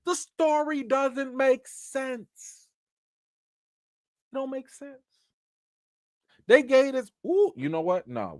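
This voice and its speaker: A man hosts a live stream film review, his pitch swinging up and down as he drives each point home. He talks straight to his viewers and repeats himself for emphasis. The sound is dry and close, with no room echo. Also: a bit bright.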